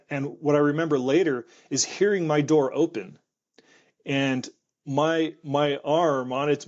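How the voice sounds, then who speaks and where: A man's voice: medium pitch, darkish tone, lo-fi sound. A man who is a wildfire expert, recounting his experiences in an interview with frequent restarts and repeated words. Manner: halting, repeats words while thinking. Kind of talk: reflective interview storytelling.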